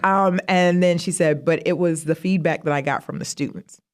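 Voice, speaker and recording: A middle-aged woman, a university vice president, telling stories in a casual interview, animated and jumping high in pitch when she quotes herself. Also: moderate pace, a crowd in the background. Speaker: guest, university vice president of student affairs.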